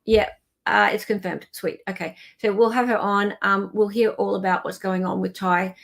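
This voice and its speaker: A woman's voice: medium pitch, fairly even intonation, normal speed, vocal fry, a bit bright. A woman hosting a livestream, giving loose, meandering updates to her viewers in casual chat. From Australia. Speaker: livestream host.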